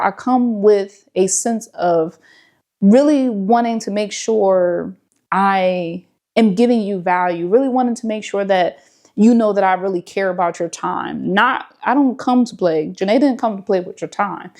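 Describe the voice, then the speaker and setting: A woman YouTuber sitting in front of her camera, chatting casually and relaxed with slang and fillers as she gives advice. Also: medium pitch.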